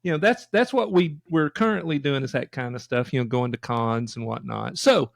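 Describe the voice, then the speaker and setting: A man hosting a podcast, retelling stories with enthusiasm and excited emphasis. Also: mid-range voice, normal speed, gravelly, no room sound, studio quality. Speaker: podcast host. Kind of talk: casual chat.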